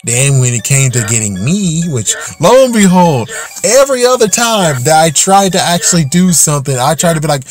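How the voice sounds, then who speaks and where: A gaming channel host rants angrily about an online game, swearing a lot and sounding exasperated as he vents. His voice is a little high with big pitch swings at a moderate pace, and faint music plays behind him.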